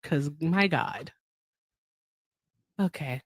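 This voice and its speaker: A woman's voice: low voice, expressive, extremely slow, vocal fry, dry recording. A woman hosting a casual live stream, joking with her audience and laughing often. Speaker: livestream host.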